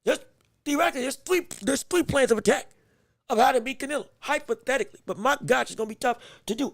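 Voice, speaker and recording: A man hosting a live boxing podcast stream, talking excitedly, laughing, restarting his sentences and calling out greetings to viewers in chat. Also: extremely high pitch, fast, vocal fry. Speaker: podcast host.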